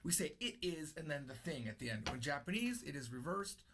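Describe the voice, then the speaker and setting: A man's voice: fairly high pitch, big pitch swings, brisk, a bit bright, a little hiss or hum. A man teaching an unscripted language lesson, explaining patiently and repeating his key points. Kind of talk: unscripted classroom-style lesson.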